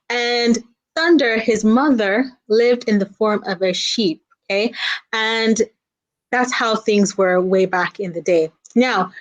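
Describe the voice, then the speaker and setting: A woman's voice: on the high side, lo-fi sound. A woman who writes children's books, telling a folktale aloud in a playful way and drawing the listener in with call-and-response. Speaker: children's book author and guest.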